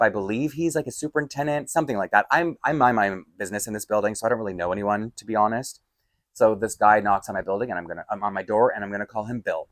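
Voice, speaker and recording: A man recounts a personal ordeal in a casual vlog, swinging between hushed asides and sudden loud bursts of exasperation. He speaks close to the mic in a dry, dead room at a mid pitch. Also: no room sound. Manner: animated, exasperated storytelling with sudden loud outbursts. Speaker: vlogger telling a story.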